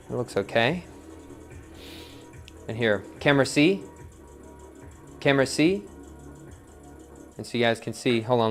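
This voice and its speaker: A young man chatting casually while demonstrating on the pottery wheel, reading viewer comments and counting softly as he works. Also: on the low side. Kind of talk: live-streamed pottery demo, casual teaching. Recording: faint music in background.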